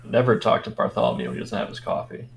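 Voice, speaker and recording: Guy with a gravelly voice, wisecracking player in a tabletop game. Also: on the low side, very animated, fast talker. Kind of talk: casual tabletop play.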